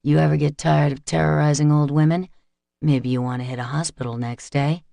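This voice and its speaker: A man voicing a menacing male vampire warrior who speaks with low, hissing contempt. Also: little pitch movement, brisk, creaky, dark tone, no echo. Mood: hissing menace.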